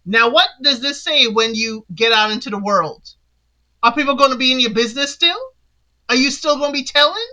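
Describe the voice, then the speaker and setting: A woman's voice: sits high, fairly quick, sharp tone, low-quality recording. A woman hosting a podcast, recapping a reality show in a chatty style and firing sassy asides at the cast. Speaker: podcast host. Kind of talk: casual recap commentary.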